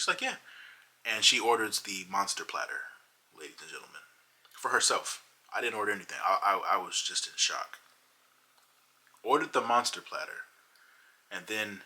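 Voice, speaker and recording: A man tells a funny story in a casual, animated way, with a low voice. His tone is very bright and forceful, with a husky edge. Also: rough recording. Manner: animated, dramatic retelling. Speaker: vlogger.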